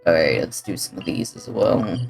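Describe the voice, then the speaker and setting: A livestreamer with a low, creaky voice plays a video game live at a moderate pace, reading viewer messages and joking about the game. Chatty and jokey, he drifts between talking to chat and talking to the game, with faint game music in the background.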